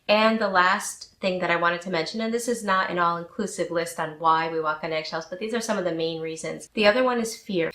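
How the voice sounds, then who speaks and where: A woman life coach speaking to the camera in a measured, earnest way, slowing down to stress her points. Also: lowish voice, fairly bright tone. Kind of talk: talk to camera on relationships. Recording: echoey room.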